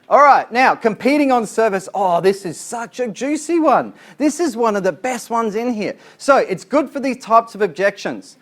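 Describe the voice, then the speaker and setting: High-voiced animated trainer man. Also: moderate pace, few pauses. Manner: animated, chatty, laughs at his own jokes. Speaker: sales trainer. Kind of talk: training seminar talk.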